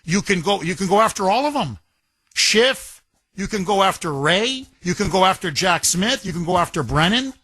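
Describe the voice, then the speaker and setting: A man's voice: sits high, expressive, normal speed, pushed and bright, dry recording. A man hosting a call-in talk radio show, emphatic and combative, joking with his callers. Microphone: studio microphone.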